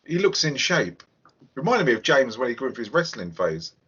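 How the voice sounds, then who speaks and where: A man's voice: medium pitch, big pitch swings, moderate pace, fairly bright tone, husky. A man hosting a casual film review podcast, talking in a chatty, hesitant way. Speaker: podcast host. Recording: lo-fi podcast audio.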